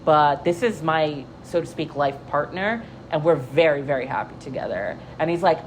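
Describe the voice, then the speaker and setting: A woman's voice: low voice, moderate pace, hardly any pauses, a little hiss or hum, low-quality recording. A young woman giving casual, profane gossip commentary, full of fillers and restarts. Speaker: commentary vlogger.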